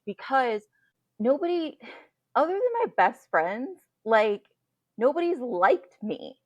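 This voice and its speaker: A woman hosting a podcast from home over a computer call, telling stories in a candid, animated way and swearing freely. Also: fairly high pitch, a little slow, no echo, muffled recording. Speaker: podcast host. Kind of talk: casual chat. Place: home, indoors. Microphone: computer mic on a video call.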